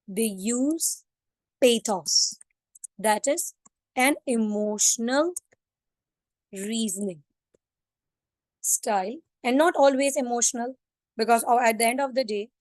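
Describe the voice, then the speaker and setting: A woman teacher lectures her class, her voice pitched a little high. She keeps asking her students questions and mixes in Hindi-Urdu words. The sound is dry, with no room echo.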